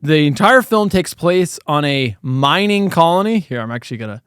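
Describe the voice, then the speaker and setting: A man's voice: on the high side, animated, moderate pace, fairly bright tone, smooth, dry recording, clean studio sound. A man co-hosting a casual film podcast, talking loosely and swearing freely. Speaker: podcast co-host. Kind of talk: casual chat.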